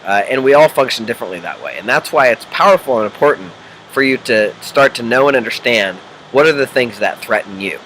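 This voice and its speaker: A man's voice: medium pitch, lively intonation, a little fast, fairly bright tone, a little hiss or hum, rough recording. A man from the Midwest coaching the viewer in a casual unedited video, checking in with the viewer and acting out voices in his examples. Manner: acts out quoted voices and inner chatter. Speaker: executive life coach.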